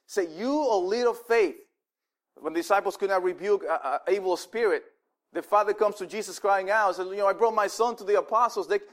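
High-voiced man preaching animatedly. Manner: animated, conversational preaching with repeated restarts. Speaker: pastor. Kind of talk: sermon.

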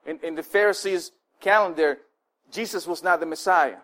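A man's voice: a little high, normal speed. A man preaching a sermon in a conversational way, full of fillers and restarts, acting out the people he quotes. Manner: animated, acts out the people he quotes. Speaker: pastor.

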